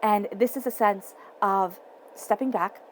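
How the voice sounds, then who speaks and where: A medium-pitched woman's voice, slightly slow, comes through with a touch of background noise. She is a tarot reader giving a reading to viewers, emphatic and prone to repeating key phrases.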